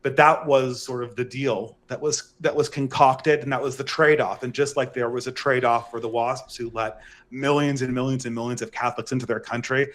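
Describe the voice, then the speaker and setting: A man's voice: medium pitch, steady tone, fairly quick, fairly bright tone. A man in an online debate, laying out long explanations in a lecturing way.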